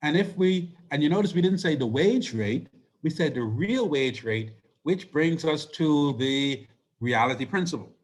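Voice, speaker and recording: Hoarse male economics lecturer. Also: fairly high pitch, expressive, normal speed. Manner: explanatory, asks rhetorical questions. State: hoarse, losing his voice. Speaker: economics instructor. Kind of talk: recorded lecture.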